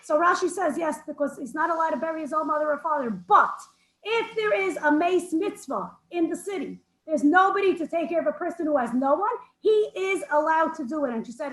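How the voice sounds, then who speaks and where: A woman telling a personal story at a women's gathering over a video call, emotional and halting, restarting her sentences. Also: high-pitched, expressive, echoey room, poor audio. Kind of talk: heartfelt storytelling.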